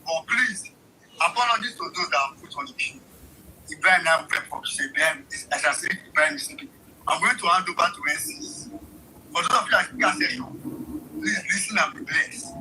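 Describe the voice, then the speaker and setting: A Nigerian man hosting an online audio room, talking in an animated way and mixing in Pidgin. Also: high-pitched, a little fast, slight background noise, poor audio. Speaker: host.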